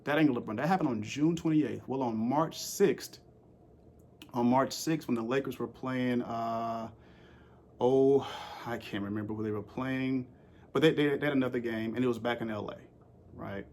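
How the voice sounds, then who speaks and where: A man's voice: mid-range voice, moderate pace, darkish tone, slight background noise. A man recording a casual sports commentary vlog, rambling with lots of fillers and putting questions straight to his viewers. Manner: rambling, with frequent fillers and restarts; asks the audience questions directly.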